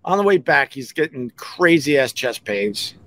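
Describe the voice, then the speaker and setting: A radio host, telling rambling stories in a casual, animated way and often breaking off to act out other people's voices. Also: male voice, mid-range voice, a little slow. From Long Island, New York. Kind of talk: casual storytelling podcast.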